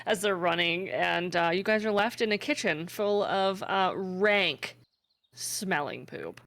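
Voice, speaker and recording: A woman's voice: on the low side, slow pace, creaky, fairly bright tone. A woman narrating a tabletop game as game master. She is chatty and fills her talk with "um" and "like". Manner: chatty, full of fillers and laughs.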